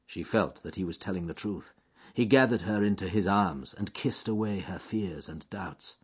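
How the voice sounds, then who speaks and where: A man's voice: deep voice, normal speed, slightly rough. A man reading a novel aloud as scripted narration, telling it dramatically, on a dull lo-fi recording. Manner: dramatic, expressive storytelling. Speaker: audiobook narrator.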